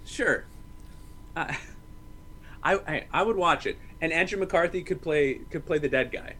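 A man in his thirties co-hosting a casual movie podcast, joking and restarting his sentences often. His voice is bright and slightly high, and it rises and falls constantly. A faint noise hums underneath. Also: a little slow. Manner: jokey, animated, self-interrupting. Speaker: podcast co-host. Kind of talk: casual movie-review chat.

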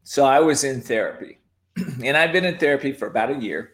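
Male guest, mid-pitched, reflective storyteller who pauses and restarts. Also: animated, a bit bright. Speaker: podcast guest. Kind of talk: personal storytelling.

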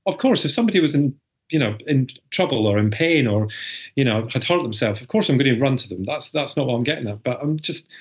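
A middle-aged podcast guest, spouse of a host, talks fast and animatedly at a medium pitch. Chatting casually, he spins stories and plays out his family's dialogue.

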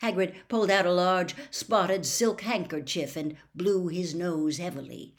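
A woman reading a storybook aloud as narrator, slow and measured. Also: fairly low pitch, fairly even intonation.

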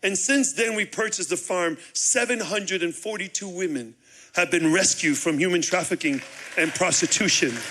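A man's voice: high voice, moderate pace, a little hiss or hum. A man preaching as a guest pastor, telling a story with acted-out dialogue and building into fervent preaching. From Chicago. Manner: animated, acts out dialogue, builds to shouted preaching. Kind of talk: sermon storytelling.

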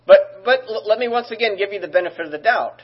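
A man's voice: high-pitched, expressive, fast, breathy edge, muffled recording. A man preaching as a pastor, in a conversational way with joking asides. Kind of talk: sermon.

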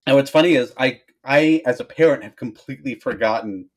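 A man in his thirties in casual chat, expressive and laughing as he shares anecdotes. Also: medium pitch, a little fast.

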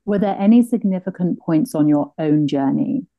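A middle-aged woman hosts a conversational interview as an animated storyteller, laughing often and acting out the people she quotes. Her voice sits low at a normal speed, and the audio is narrow and tinny with no echo.

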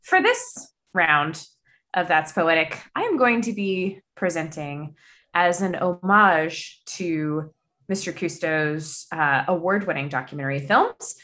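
A woman's voice: on the low side, fairly bright tone. A woman co-hosting a comedy podcast, chatting in a playful, bubbly way. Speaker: podcast co-host.

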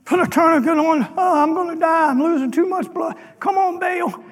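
A man voicing frantic, desperate male prophets of Baal, pleading and shouting to their god. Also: extremely high pitch, moderate pace, long reverb tail.

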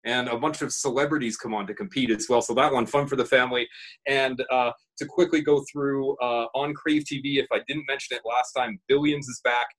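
A man running through TV picks in casual chat, animated and playfully dramatic. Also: medium pitch, fairly quick. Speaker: show panelist reviewing TV.

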